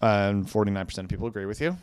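A man's voice: fairly low pitch, racing, clear, resonant tone, no room sound, clean studio sound. A man hosting a podcast, running a food quiz and teasing his co-hosts with lots of swearing. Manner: lively, teasing, swears a lot. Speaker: podcast host. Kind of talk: casual profane podcast banter.

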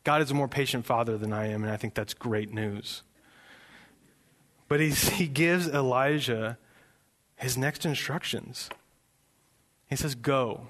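A man's voice: mid-range voice, unhurried, pauses often, a bit bright. A man preaching a sermon as a pastor, speaking in an earnest, conversational way. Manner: earnest and conversational, switches into acted quotes.

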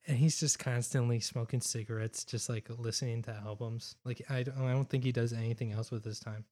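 A young man in casual movie chat, laid-back and making dry quips, often speaking quietly. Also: mid-range voice, fairly even intonation, fairly quick.

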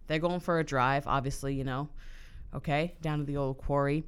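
A man's voice: medium pitch, moderate pace, clear, resonant tone. A man co-hosting a podcast, telling a story in casual chat, swearing constantly and acting out the characters. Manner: animated storyteller, swears a lot, acts out characters. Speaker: podcast co-host.

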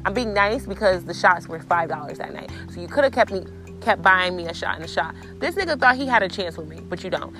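A woman's voice: lowish voice, fairly quick, music in the background. A woman vlogger casually telling a story to her viewers, blunt and profane, acting out both sides of the exchanges. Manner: animated, acts out both sides of conversations.

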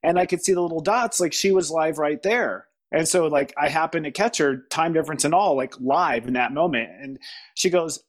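A man speaking as a guest in a casual spiritual conversation, pausing, restarting and searching for words. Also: fairly high pitch. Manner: halting, searching for words, frequent restarts and laughs. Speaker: podcast guest.

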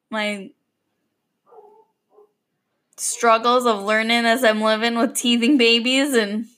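A woman's voice: fairly high pitch, fairly bright tone. A young adult woman hosting a podcast, telling a story in a chatty, rambling monologue. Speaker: podcast host. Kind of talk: casual monologue.

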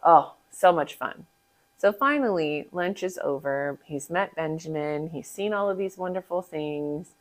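A woman telling a Bible story to listeners in an animated way, asking them questions. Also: deep voice, a little slow, rough recording. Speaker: children's Bible story teller.

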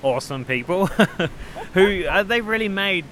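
A man's voice: sits high, animated, unhurried, a bit bright, a little hiss or hum. A man with a New Zealand accent narrating a travel vlog in a wry, upbeat way. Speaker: travel vlogger.

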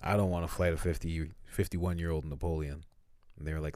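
Young male co-host, very deep voice, slangy joking riffs, dry close sound. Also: steady tone, brisk, a little mellow, dry recording. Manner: jokey riffing, slangy, swears. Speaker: podcast co-host. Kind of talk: casual comedic chat.

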